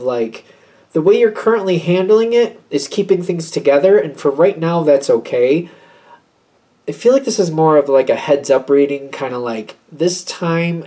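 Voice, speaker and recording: A man's voice: fairly high pitch, dark tone. A man doing a casual tarot card reading, chatty and thinking aloud with many fillers. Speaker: tarot reader.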